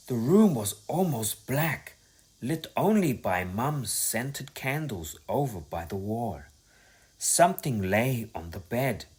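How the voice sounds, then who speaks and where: A man narrating a children's audiobook in a dramatic, expressive manner. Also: on the low side.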